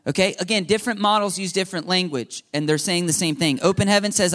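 A man in his thirties delivers a sermon in a relaxed, conversational way. His voice sits a little high for a man. He repeats key points and breaks into short laughs. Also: fast talker, few pauses. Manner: conversational, repetitive, laughing asides. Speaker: pastor.

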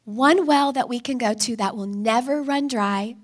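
A woman's voice: fairly high pitch, normal speed. A woman in her thirties giving a sermon, telling family stories and acting out her own pleading and her child's cries. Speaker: speaker.

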